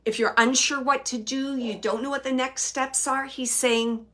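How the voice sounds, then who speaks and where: A woman giving a live spirit reading as a medium, speaking gently and hesitantly with many pauses, earnestly relaying messages. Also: high voice, fairly even intonation, slight background noise. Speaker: psychic medium.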